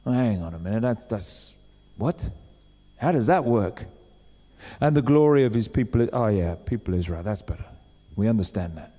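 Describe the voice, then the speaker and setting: A man's voice: fairly low pitch, animated, normal speed, dark tone, in a large hall. A man preaching a sermon in a chatty, storytelling way, acting out the voices of the people he describes. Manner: conversational, acts out quoted voices.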